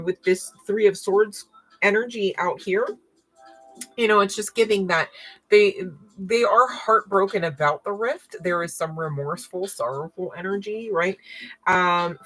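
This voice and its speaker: A woman giving live tarot readings to viewers, excitable and thinking aloud as she turns cards. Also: medium pitch, poor audio. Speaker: tarot reader.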